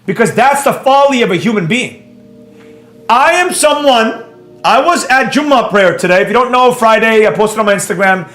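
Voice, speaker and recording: Brash high-voiced man teaching trading. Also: expressive, moderate pace, a bit bright, echoey room, faint music behind. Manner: brash, mocking, rambling. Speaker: trading instructor. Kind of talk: live-streamed trading class.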